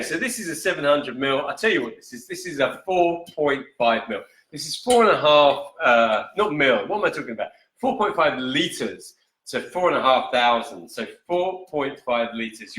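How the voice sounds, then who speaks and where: Bright-voiced chatty male whisky host. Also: a little high, echoey room. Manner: chatty, reads viewer comments aloud, corrects himself. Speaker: host of a live whisky show. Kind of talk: casual live-stream chat. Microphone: camera in front, steps out of frame.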